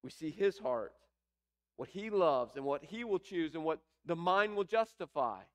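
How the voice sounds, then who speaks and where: A man's voice: on the high side, lively intonation, a little slow, fairly bright tone. A man preaching a sermon, explaining a scripture passage with rising emphasis. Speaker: pastor.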